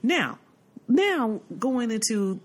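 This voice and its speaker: An American podcast host chats casually, telling stories and acting out members of her family as she goes. She's an animated storyteller with a fairly high voice who draws her words out.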